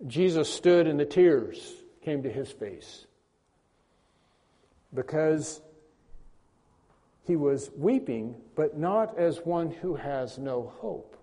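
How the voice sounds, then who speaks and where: Mellow-voiced pastor preaching in a hall. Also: male voice, fairly high pitch, animated, slow, long pauses. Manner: earnest preaching that swings between soft, tender passages and loud emphatic peaks. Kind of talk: sermon.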